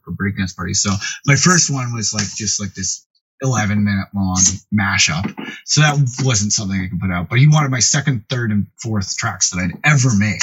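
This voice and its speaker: A middle-aged man with a husky, slightly rough voice tells a rambling story as a podcast guest. He talks casually and jumps into loud, animated impressions when quoting other people. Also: fairly low pitch, poor audio. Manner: animated, acts out quoted voices loudly. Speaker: podcast guest, music producer.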